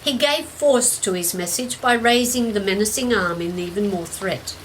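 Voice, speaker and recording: A woman's voice: mid-range voice, a little hiss or hum, rough recording. Woman reading a story over rain. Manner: measured, gentle storytelling. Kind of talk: scripted narration. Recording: steady rain in background.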